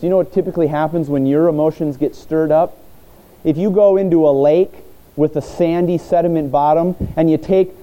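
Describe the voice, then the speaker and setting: A man preaching a sermon in an earnest way, pausing and restarting his phrases. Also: on the high side, mellow, lo-fi sound. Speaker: pastor.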